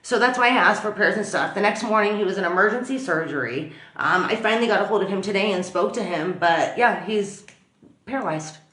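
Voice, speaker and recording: A woman vlogger telling a story in a chatty, animated way, full of fillers. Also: medium pitch, fairly quick, roomy sound. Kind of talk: casual storytelling to camera. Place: at home.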